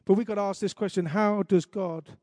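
A man preaching a sermon, earnest, reciting scripture slowly and emphatically, with light asides to the congregation. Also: high voice, steady tone, darkish tone, no room sound, studio quality. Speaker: pastor.

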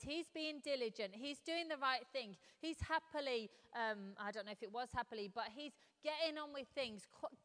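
A woman with a high, smooth voice preaches to a congregation in a conversational sermon style. She often stops to ask rhetorical questions. The sound carries a long reverb from a church hall. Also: fairly bright tone.

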